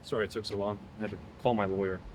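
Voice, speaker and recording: A man's voice: on the low side, little pitch movement, racing, slight background noise, lightly acted. An actor playing a polished, insistent young businessman who coaxes and pressures, in a fan film drama. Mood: coaxing. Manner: smooth, insistent, coaxing. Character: polished, pushy young businessman turning violent. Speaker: actor playing a smooth, menacing yuppie.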